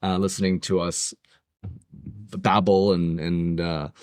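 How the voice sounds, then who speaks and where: Low-voiced man hosting a podcast. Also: level tone, takes it slowly, darkish tone, no room sound, clean studio sound. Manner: rambling, filler-heavy, joking. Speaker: podcast co-host. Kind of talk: casual chat. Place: room with the other hosts and guest.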